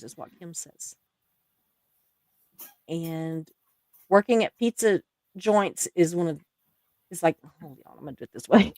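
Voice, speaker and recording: A woman's voice: lowish voice, no room sound, clean studio sound. A woman with an accent hosting a live stream, reading viewer comments aloud and laughing often. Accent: non-native English accent.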